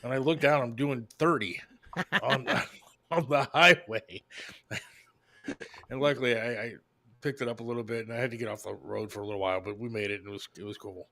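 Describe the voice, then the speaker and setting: A man hosts a talk show and tells a rambling anecdote in a relaxed, mid-pitched voice. He swears freely and laughs through the story. The sound is dry and close to the mic. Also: very fast, gravelly, no room sound. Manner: loose, profane, laughing anecdotes. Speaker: radio show host. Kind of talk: casual storytelling chat.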